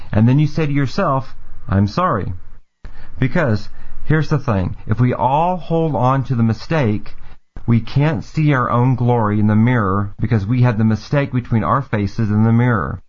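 An American man hosting a segment, giving an earnest, calm, encouraging reflective monologue. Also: mid-range voice. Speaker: segment host. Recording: dull lo-fi sound.

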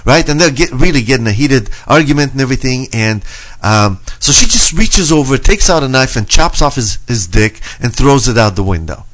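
A male host chatting casually on air. His pitch swings up and down, he trips over his words and chuckles often. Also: lively intonation, fairly quick, few pauses, a bit bright. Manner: stumbling, chuckling joke-teller. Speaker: radio show host. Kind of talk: casual banter.

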